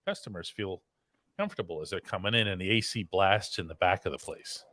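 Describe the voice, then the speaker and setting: A man's voice: low-pitched, brisk, sharp tone, dry recording. A man co-hosting a casual sports talk show, chatty and explaining things at length. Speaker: co-host, sports columnist.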